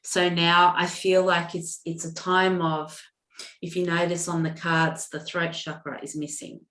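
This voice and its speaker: Woman, intuitive card reader, gentle and halting, slow pace, echoey room, video call. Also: lowish voice, little pitch movement. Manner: gentle, halting, many restarts and fillers. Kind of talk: live online card reading.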